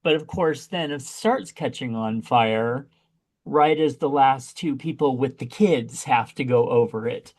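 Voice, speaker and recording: A man co-hosting a podcast, chatting casually about a movie with big excited jumps in pitch when he exclaims. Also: measured pace. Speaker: podcast co-host. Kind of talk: casual chat reviewing a movie.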